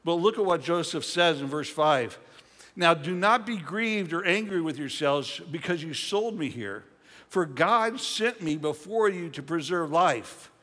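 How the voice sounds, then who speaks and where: A man's voice: a little high, expressive, measured pace, sharp tone. An older man preaching a sermon as pastor, reading scripture and then retelling it in a conversational way with playful asides. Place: church sanctuary. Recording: long church hall reverb.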